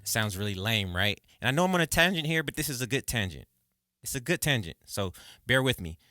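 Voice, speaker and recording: Drum teacher counting beats out loud. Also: male voice, mid-range voice, brisk, soft background music. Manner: counts beats aloud and calls stickings loudly; chatty, expressive, says okay and right often. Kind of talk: casual video lesson.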